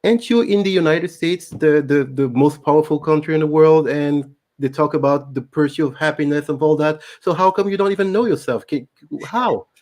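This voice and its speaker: A man whose first language is French hosts an interview in English with a French accent. His voice sits a little high for a man, and he talks hesitantly, often pausing on "uh" and starting his sentences over. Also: darkish tone. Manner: hesitant, many "uh" and restarts. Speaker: host. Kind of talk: conversational interview.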